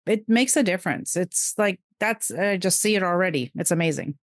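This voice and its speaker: Middle-aged woman, podcast guest; heartfelt, rushing bursts, mid pitch, dry sound. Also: animated, dry recording. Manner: earnest, emotional, talks in quick bursts. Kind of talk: heartfelt conversational interview.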